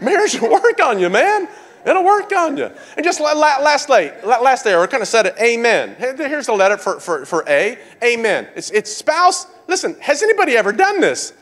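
A male pastor preaching to his congregation in a high, bright voice. He repeats key phrases and calls out to the room for agreement. He talks with energy and humor. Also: moderate pace. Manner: animated preaching with call-outs to the congregation. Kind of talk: sermon.

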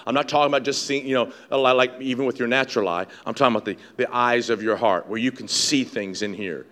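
A male pastor preaching a sermon, building to shouted, repeated emphasis and often stammering over his restarts. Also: medium pitch, fast, few pauses.

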